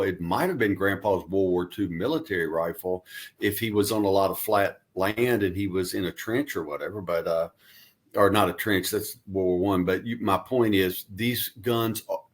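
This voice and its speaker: A man answering questions as a guest on a radio show. His voice sits a little low, and he explains his points earnestly in long, flowing runs. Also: moderate pace. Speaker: guest commentator. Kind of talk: casual radio interview.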